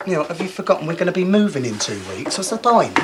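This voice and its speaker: A man's voice: sits high, very animated, quick pace, noisy background. A man doing a comic sketch, chatty, fussy and bossy. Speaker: presenter in a comedy link sketch.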